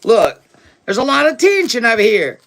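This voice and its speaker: Speaking at normal speed in a very animated voice on the high side, a woman reads tarot for her livestream viewers. She's familiar and chatty, calling them "baby" and "boo", tagging lines with "okay?" and laughing frequently between remarks.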